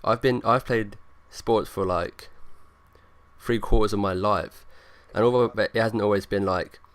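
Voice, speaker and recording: A man's voice: on the low side, steady tone, measured pace, no echo. A young man rambling through casual gameplay commentary, leaning on lots of fillers. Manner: rambling, filler-heavy, talks over gameplay. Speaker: gaming YouTuber.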